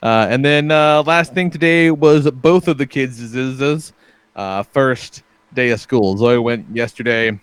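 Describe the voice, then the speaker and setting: A man in his thirties co-hosts a casual podcast, spinning laid-back stories with plenty of swearing and chuckles. His pitch sits in the middle of the male range. The mic is close and dry, with no room sound. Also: slow, clean tone, no room sound. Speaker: podcast co-host.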